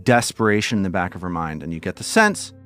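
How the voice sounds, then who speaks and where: A man running a tabletop game as game master, narrating in a relaxed way and often repeating words as he thinks. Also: low voice, fast, clear, resonant tone, faint music behind.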